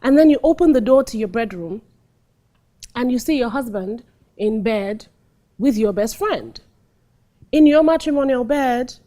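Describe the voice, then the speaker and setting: A woman acting coach talking through a scene, acting out lines and dropping to hushed tones. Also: a little high. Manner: animated, acts out scenes, drops to hushed tones. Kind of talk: teaching monologue with acted examples.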